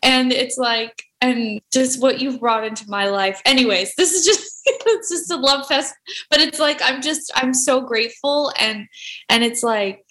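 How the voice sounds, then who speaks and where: A podcast host speaks effusively in loose, looping phrases during a casual conversation. Her voice is high, bright and forceful, and she talks a little slowly.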